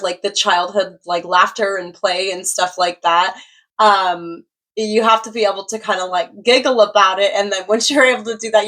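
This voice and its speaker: A woman's voice: mid-range voice, fairly bright tone. Casual, filler-heavy woman reader; giggly, swears freely. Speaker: tarot reader. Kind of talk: casual chat on manifestation.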